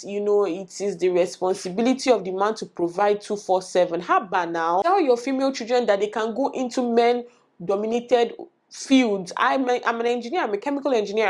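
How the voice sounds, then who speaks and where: A woman's voice: mid-range voice, a little mellow. A woman in her thirties, a mother, giving earnest, emphatic parenting advice in a casual vlog and repeating herself for stress. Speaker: vlogger and mother.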